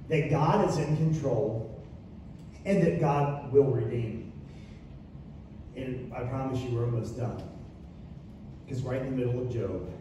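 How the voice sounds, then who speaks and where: In a church sanctuary, a pastor preaches a sermon with impassioned, repetitive delivery. His voice is medium-pitched, recorded from far off in an echoey room with a noisy background.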